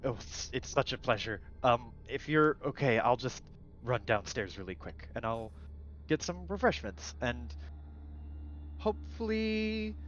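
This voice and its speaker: A man's voice: medium pitch, expressive, a little slow, lo-fi sound, a little hiss or hum, natural voice. Man doing a stammering lovestruck guard. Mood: eager. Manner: stammering, hesitant, soft-spoken. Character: nervous smitten male PMC guard, large.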